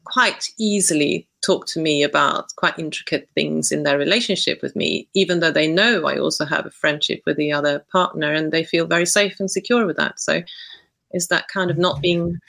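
Woman with a low raspy voice, kinda bright, stops and restarts a lot. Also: normal speed, low-quality recording. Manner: hesitant, thinks aloud with many restarts. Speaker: podcast guest. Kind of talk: reflective conversational interview.

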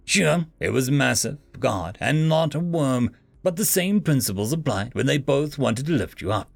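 Gravelly, expressive male storyteller. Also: medium pitch, normal speed. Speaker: audiobook narrator. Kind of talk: scripted fantasy narration. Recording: faint background music. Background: faint music.

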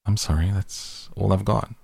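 A man voicing a shy, curious teenage girl in a slow, hesitant, wondering way. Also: on the low side, fairly even intonation, gravelly, a little mellow, slightly rough, no room sound, heavily acted.

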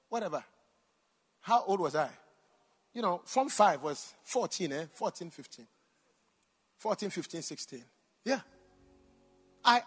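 A man, a pastor and doctor, preaching a sermon with personal stories, swinging between loud exclamations and quiet asides, in a church hall. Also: high-pitched, husky. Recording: long reverb in a large hall.

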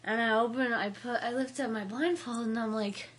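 A young woman telling a party story in casual chat, animated, with slangy, profane talk. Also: on the high side, normal speed, husky.

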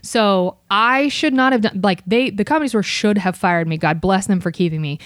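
A woman podcast host telling a story in a casual, animated, profane, jokey way. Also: medium pitch, moderate pace, no echo, clean studio sound.

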